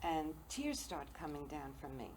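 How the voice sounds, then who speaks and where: A woman's voice: low voice, big pitch swings, normal speed, rough recording. An older woman hosting a local TV interview show, telling personal stories with self-deprecating humor. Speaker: talk show host. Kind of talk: casual interview chat. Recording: faint noise, local TV studio.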